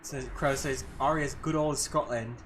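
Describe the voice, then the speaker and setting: A man's voice: medium pitch, fairly even intonation, normal speed, a bit bright, a little hiss or hum. A man streaming a live game session, reading chat aloud and reacting casually to the fight.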